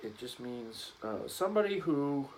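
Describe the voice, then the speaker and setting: A man's voice: medium pitch, sing-song, unhurried, a little hiss or hum, rough recording. A man vlogging casually as he cleans a gun, rambling and joking in an offhand way.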